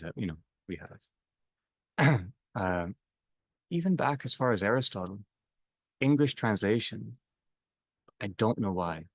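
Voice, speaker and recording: Deep-voiced man giving a slow theological talk. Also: no echo. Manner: slow, halting, trailing off softly at phrase ends. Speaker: discussion leader.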